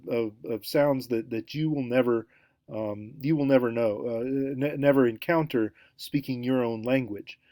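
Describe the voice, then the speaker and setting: A man's voice: mid-range voice, dry recording. Hesitant male lecturer, dry close sound. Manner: hesitant, many fillers and restarts; animated when acting out examples. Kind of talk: casual recorded lecture.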